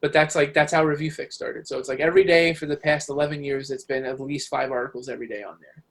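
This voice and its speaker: Brief: middle-aged male guest, fairly high voice, talkative, animated storyteller. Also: fast talker. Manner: animated, talkative, swears casually. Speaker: podcast guest, author and professor. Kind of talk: casual interview storytelling.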